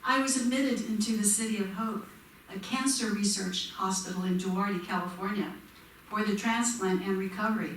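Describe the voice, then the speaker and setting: A woman's voice: medium pitch, fairly even intonation, moderate pace, a bit bright, slight background noise. Woman, church member, personal testimony, conversational, self-deprecating, echoey hall, distant. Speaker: congregation member sharing her story. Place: church sanctuary. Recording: echoey church room, mic from afar.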